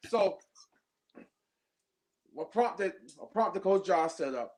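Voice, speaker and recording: Male poet, high voice, animated storyteller, casual. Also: slow pace, pauses often. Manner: animated storyteller, acts out quotes. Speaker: poet, workshop student. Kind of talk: casual chat.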